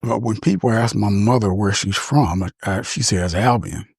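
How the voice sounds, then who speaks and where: Low husky man, slow and reflective. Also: darkish tone, dry recording, clean studio sound. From Michigan, USA. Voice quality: halting, reflective, slow to find words. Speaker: podcast speaker. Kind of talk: reflective personal monologue.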